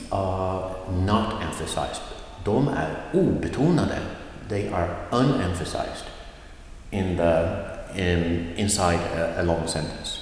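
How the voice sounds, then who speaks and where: A man teaching a language lesson, explaining slowly with many fillers and repeating example phrases aloud. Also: lowish voice, slight background noise. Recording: echoey room with long reverb.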